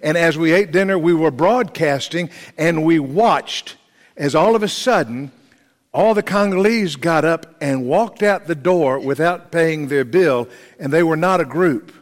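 A male preacher delivers a sermon as vivid, dramatic storytelling, his voice sitting a little high. His words ring out with a long reverb through a church hall. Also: a little slow. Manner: dramatic storytelling, rising intensity.

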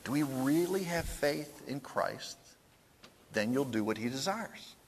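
Casting note: male pastor, mid-pitched voice, earnest teaching sermon, long church echo. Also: lively intonation, a little slow, gravelly, a little hiss or hum. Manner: earnest teaching, with restarts and fillers. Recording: long hall reverb.

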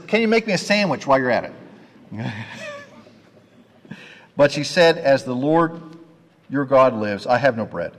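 A man giving a sermon and reading scripture aloud, breaking off for conversational asides to his listeners. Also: mid-range voice. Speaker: preacher teaching from scripture. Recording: long reverb of a hall.

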